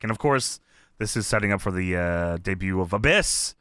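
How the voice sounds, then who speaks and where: A man's voice: deep voice, lively intonation, normal speed, fairly bright tone, clean tone, no echo, studio quality. A man co-hosting a podcast, recapping a show in casual chat, laughing often and swearing freely. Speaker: podcast co-host.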